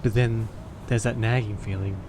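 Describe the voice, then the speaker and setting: A man's voice: on the low side, fairly even intonation, normal speed, background noise, close to an everyday voice. A man reading the lines of a cocky, hard-boiled young vampire with tough-guy swagger in a story game.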